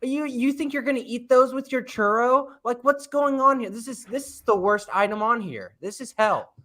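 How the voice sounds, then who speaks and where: A man's voice: very high-pitched, normal speed, pushed and bright. Emphatic, dismissive man in podcast chat. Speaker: podcast co-host. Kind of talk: casual food-ranking chat.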